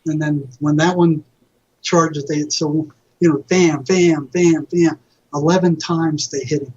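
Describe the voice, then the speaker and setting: A man, a mental health counselor, telling lively anecdotes as a guest in an interview and acting out what others said. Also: fairly high pitch, unhurried, slightly rough. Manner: animated anecdotes, acting out quoted people. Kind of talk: conversational storytelling. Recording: dull lo-fi audio.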